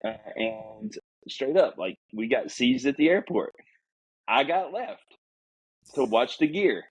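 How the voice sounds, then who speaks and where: A man telling a story casually as a podcast guest, animated and acting out the people he quotes. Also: fairly high pitch, slow pace, creaky, breathy edge, dry recording, rough recording.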